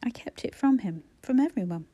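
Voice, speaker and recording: A woman voicing a frail, dying woman who speaks softly and tenderly, often near a whisper. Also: a little high, animated, a little fast, no room sound, lo-fi sound. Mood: resolute.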